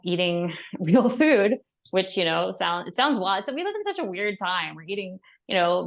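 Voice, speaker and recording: A woman dietitian and author as a podcast guest, chatting casually and telling animated stories with frequent laughs and fillers. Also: lowish voice, creaky. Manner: animated storyteller, laughs often, many fillers. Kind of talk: casual interview chat.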